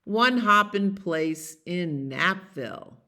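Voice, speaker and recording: A woman voicing an excited little pet hamster in a picture book, squeaky and eager as it calls out to its friends. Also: slow pace, heavily acted.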